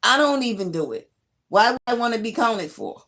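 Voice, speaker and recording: A woman's voice: on the high side, big pitch swings, normal speed, fairly bright tone, slight background noise. A woman on a live stream telling a rambling, chatty story straight to her viewers.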